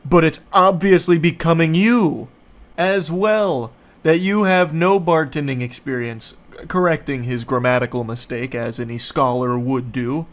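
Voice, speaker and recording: A man with a somewhat high voice reads text messages aloud and comments on them. His delivery is sarcastic and incredulous, with plenty of profanity. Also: a little slow. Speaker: online commentator.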